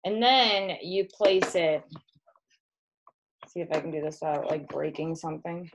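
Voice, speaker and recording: A woman's voice: lowish voice, measured pace, slight background noise, rough recording. A woman with a Midwestern American accent, a direct sales consultant chatting casually while showing products at home and calling the listener "girl". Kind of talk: casual home video demo.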